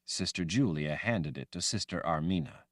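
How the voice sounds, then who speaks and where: A man reading a fantasy audiobook aloud in a dramatic, expressive way. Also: sits low, moderate pace, no room sound, clean studio sound. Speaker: audiobook narrator. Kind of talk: scripted fantasy audiobook narration.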